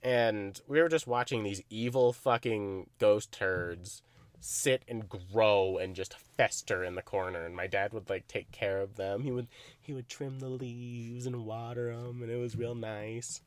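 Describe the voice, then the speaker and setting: A young man co-hosting a podcast, telling stories in a casual chat, animated, often laughing and swearing. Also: lowish voice, a little slow, dry recording. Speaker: podcast co-host.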